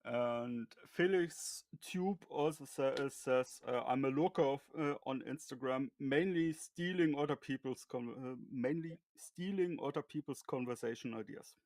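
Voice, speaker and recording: A man's voice: medium pitch, a little mellow, no echo. A German man with a German accent, speaking English hesitantly and reading out viewer comments. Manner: hesitant, halting. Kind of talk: casual chat, reading out comments.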